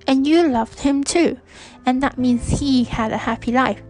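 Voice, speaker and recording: A woman's voice: high-pitched, unhurried, soft background music, rough recording. A young woman from Hong Kong hosting a podcast, talking in a hesitant, reflective monologue full of restarts. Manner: soft-spoken, hesitant, with frequent restarts and fillers. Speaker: podcast host.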